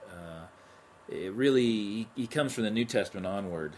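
A man's voice: on the low side, expressive, moderate pace, darkish tone, slight background noise. A man co-hosting a casual chat, sarcastic and exasperated. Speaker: podcast co-host.

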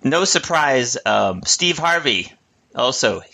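A man's voice: medium pitch, sing-song, takes it slowly, vocal fry, sharp tone. A man co-hosting a podcast, chatting casually and mockingly, cursing and laughing often. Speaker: podcast co-host. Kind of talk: casual comedic commentary.

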